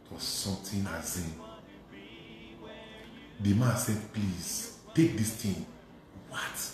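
A priest preaching a sermon, telling a testimony with emphatic repetition and acting out the dialogue. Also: male voice, deep voice, slow pace, soft background music. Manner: emphatic, repeats phrases, acts out dialogue. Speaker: Catholic priest. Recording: very echoey hall.

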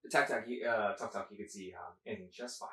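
A man narrating as game master, halting with many fillers. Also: fairly low pitch, a bit bright. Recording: echoey room, distant mic.

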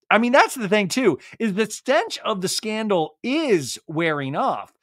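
A sarcastic male podcast host recapping TV for laughs, his voice sitting high. He riffs freely, and the recording is close and dry. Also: very animated, measured pace, few pauses, a bit bright, no echo. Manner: sarcastic, riffing, jumps into silly impressions.

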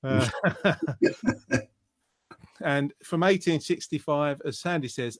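A man's voice: fairly high pitch, takes it slowly, no room sound. A man hosting an online quiz show, reading out viewers' answers and teasing them in a jokey way. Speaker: quiz host.

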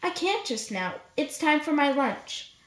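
Brief: woman reading as a cocky little storybook mouse, slow and insistent, fairly high. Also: big pitch swings. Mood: stubborn. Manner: stubborn, insistent. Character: boastful little male mouse claiming to be a tiger. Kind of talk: storybook read-aloud. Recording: roomy echo.

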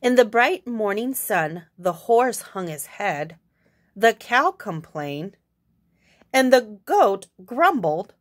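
Expressive young woman reading a picture book. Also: mid-range voice, slow pace. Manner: expressive, with asides to listeners. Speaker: storyteller.

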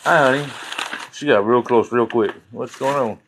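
A man's voice: mid-range voice, normal speed, a little hiss or hum. A man chatting casually on a live stream, rambling and joking, with frequent laughter. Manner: rambling and jokey, laughing often.

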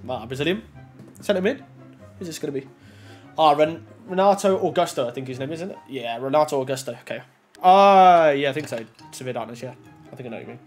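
A young man giving casual gameplay commentary as a YouTuber, excitable and pleading out loud at each reveal. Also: high-pitched, brisk, faint music behind. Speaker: gaming YouTuber.

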